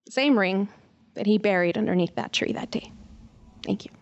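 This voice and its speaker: An earnest young woman tells a personal story to a live audience. Her voice sits at a middle pitch, and she talks in a plain, conversational way. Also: normal speed, gravelly, highs cut off, noisy background.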